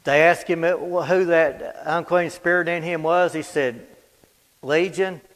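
A high-pitched man preaches a Bible study sermon in a plain, folksy manner. He hammers home his points with repetition and drops from loud proclamations to hushed asides. The sound rings with the long echo of a church hall. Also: steady tone, a little slow. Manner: emphatic and repetitive, swinging from loud declarations to low, quiet asides.

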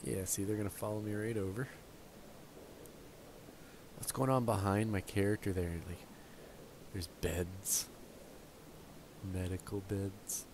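A man with a slightly low voice talks through a video game in casual commentary, thinking aloud and cheering on the characters he leads. He speaks into a gaming headset, with a clear, steady hiss of game sound and noise under his words. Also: unhurried, pauses often. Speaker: let's play gamer.

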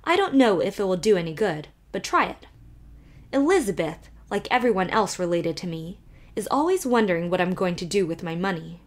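A woman voicing a sharp-tongued, coolly teasing old rich great-aunt in an audiobook. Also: fairly low pitch, expressive, brisk, close to an everyday voice. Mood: blunt. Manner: cool, blunt, mocking.

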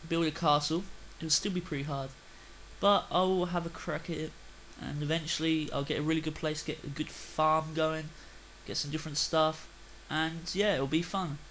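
Young Australian male gamer, rambling and loose, slightly raised pitch, prone to loud excited yelps. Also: normal speed, slight background noise, low-quality recording. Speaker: gaming video host. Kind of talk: casual game commentary.

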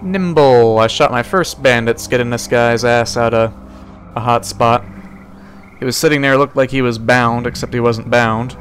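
A man's voice: mid-range voice, moderate pace, fairly bright tone, a little hiss or hum. Rambling young man narrating a game. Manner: rambling, jokey, talks to game characters. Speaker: let's play host. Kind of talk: casual gameplay commentary.

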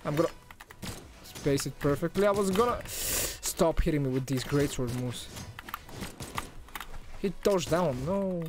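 A young man with a non-native English accent, streaming live gameplay commentary, excitable and swinging between groans and shouts. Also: a little high, a little slow, long pauses, noisy background.

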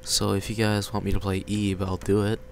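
A man's voice: lowish voice, completely flat delivery, normal speed, creaky, a little hiss or hum. Laid-back man doing let's play commentary. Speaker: game streamer.

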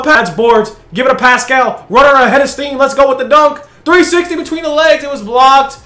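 High-voiced excitable young gamer. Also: male voice, roomy sound. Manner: excitable, hypes his own plays, groans at misses. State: out of breath. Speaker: gaming channel host. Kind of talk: live gameplay commentary.

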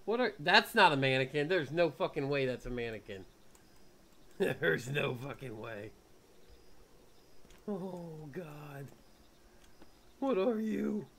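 A man's voice: a little high, expressive, slow, creaky, pauses often. Jumpy, swearing man playing a horror game. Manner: jumpy, swearing, nervous laughter, loud startled outbursts. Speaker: gaming YouTuber. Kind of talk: horror game let's play commentary.

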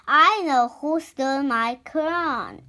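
Brief: child reading storybook boy king, bossy and urgent, high, slow. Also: bright, forceful tone, heavily acted.

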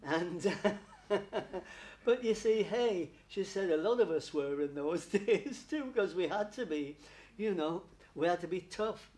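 A man's voice: high-pitched, expressive, slow, darkish tone. A man working as a medium at a spiritualist church service, chatty and affectionate, laughing often and calling listeners darling. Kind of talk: spiritualist church platform reading.

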